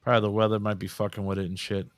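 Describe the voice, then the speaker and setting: A man's voice: on the low side, level tone, very fast, dry recording. A man co-hosting a podcast over a video call, talking loosely and joking with plenty of swearing. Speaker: podcast co-host. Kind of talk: casual chat.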